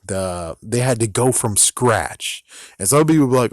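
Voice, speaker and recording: A man's voice: medium pitch, animated, moderate pace, no echo, studio quality. A young man ranting angrily about video games, swearing and mocking the fans he is angry at. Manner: angry, profane ranting with mocking quoted voices. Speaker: video game commentator. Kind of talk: rant vlog.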